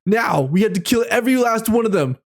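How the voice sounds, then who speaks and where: A man voicing a cruel male dark lord cult leader, reading menacing lines aloud from a story. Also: sits high, lively intonation, a little fast, gravelly, heavily acted. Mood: raging. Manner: menacing, read aloud from a script.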